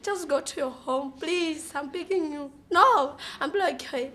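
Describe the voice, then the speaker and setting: A woman's voice: extremely high pitch, measured pace, bright, forceful tone, slight background noise, heavily acted. A woman from Botswana performing an audition monologue as a despairing, sick, orphaned young woman, swinging between sobbing and laughing. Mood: pleading softly. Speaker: audition contestant.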